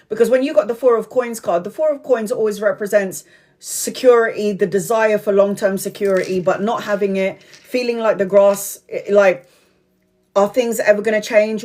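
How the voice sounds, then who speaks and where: A woman's voice: mid-range voice, darkish tone. A woman giving a live-streamed tarot reading, talking frankly, swearing freely, laughing often and drifting off on tangents. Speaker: tarot reader.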